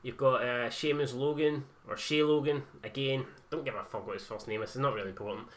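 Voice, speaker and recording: A man's voice: mid-range voice, fairly even intonation, a little fast, fairly bright tone. A young Scottish man giving casual, blunt and sweary commentary over a football video game, sarcastic in tone. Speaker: gaming YouTuber.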